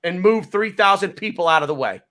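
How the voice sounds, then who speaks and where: Fired-up American man ranting, high voice. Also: expressive, a little fast, bright, forceful tone. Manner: fired up, repeats himself, swears, talks over others. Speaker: podcast host. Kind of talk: heated podcast rant.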